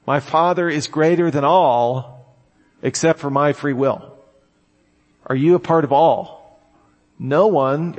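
A man's voice: on the high side, long reverb tail. A man preaching a Bible-teaching sermon, reading verses aloud and arguing through each one. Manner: reads scripture aloud and argues each verse.

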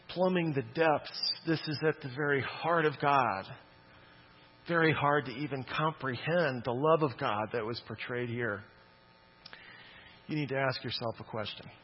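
A man's voice: mid-range voice, dull audio, a little hiss or hum. A man preaching a sermon in a church, talking in a conversational but emphatic way and often asking "okay?". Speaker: pastor.

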